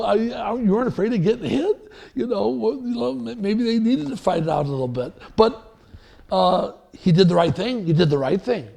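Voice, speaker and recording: A male pastor preaches in a church, drifting through personal stories with false starts and asides. His voice sits high for a man and has a husky, breathy edge. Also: a little mellow. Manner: anecdotal, rambling with restarts and chuckles. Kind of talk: sermon. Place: church sanctuary.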